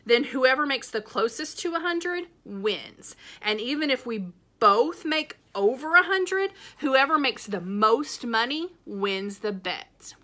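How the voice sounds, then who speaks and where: A woman's voice: sits high, animated, slow, hardly any pauses, pushed and bright, voice pushed up, exaggerated voice. A woman voicing a small, stubborn little sister who talks back smugly. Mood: scheming. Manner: smug, defiant.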